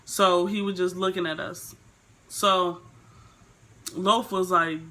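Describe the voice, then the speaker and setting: A woman's voice: fairly low pitch, slow, long pauses. A young woman vlogger telling a storytime in a casual, rambling way, full of fillers. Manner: rambling, filler-heavy, animated retelling.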